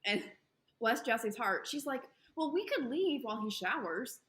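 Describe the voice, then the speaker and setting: A woman with a Southern American accent, co-hosting a travel podcast and telling a story in a casual, animated way, acting out the voices of the people in it. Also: fairly high pitch, moderate pace. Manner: animated, acts out quoted dialogue. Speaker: podcast co-host.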